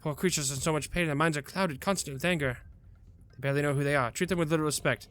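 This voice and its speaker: A man's voice: on the high side, fast talker, a bit bright, close to an everyday voice. A man playing a compassionate male seer who speaks earnestly and pleadingly about others' pain. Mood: solemn.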